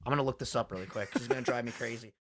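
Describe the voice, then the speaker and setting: A young man co-hosting a podcast in casual chat, excitable and swearing often, breaking into high laughs. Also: racing. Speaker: podcast co-host.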